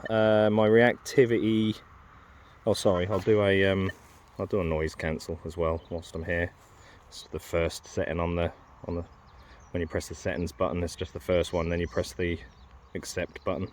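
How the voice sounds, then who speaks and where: A man's voice: low-pitched, flat delivery, normal speed, slight background noise. A man talking casually as he sets up and uses a metal detector outdoors, rambling with many ums and restarts. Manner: rambling, hesitant, many ums and self-corrections. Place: open farm field outdoors.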